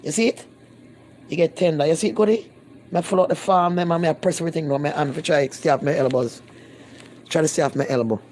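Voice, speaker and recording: A woman's voice: sits low, fast talker, a little mellow, a little hiss or hum. A Jamaican woman holds a casual live-stream chat with her viewers, speaking in thick patois. She talks bluntly and emphatically, repeating lines to press her point. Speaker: vlogger.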